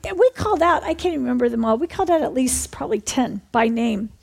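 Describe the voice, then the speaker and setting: A woman preacher giving an animated sermon testimony, calling out to the congregation for amens. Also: sits high, fast talker, vocal fry. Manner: animated storytelling, asks for amens.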